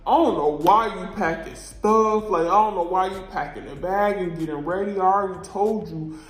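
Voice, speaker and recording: A woman voicing her dismissive young boyfriend, speaking low and flat with a drawl. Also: moderate pace, reverberant, soft background music, close to an everyday voice.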